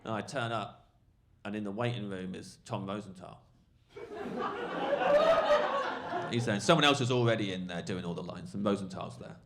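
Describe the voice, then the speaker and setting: A man, a comedian guest, telling a story with laughing asides at a live podcast show. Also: on the low side. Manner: animated, laughing, quick asides. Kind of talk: comic storytelling. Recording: noisy live podcast recording.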